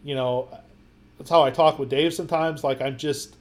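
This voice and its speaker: A man co-hosting a podcast, telling stories in a rambling, animated way with lots of repeated words. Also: fairly high pitch, normal speed. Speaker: podcast co-host. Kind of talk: casual chat.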